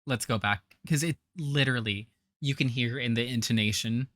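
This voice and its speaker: A man's voice: medium pitch, moderate pace, a bit bright, no echo. A man giving blunt, scornful reaction commentary, with a trained singer's voice.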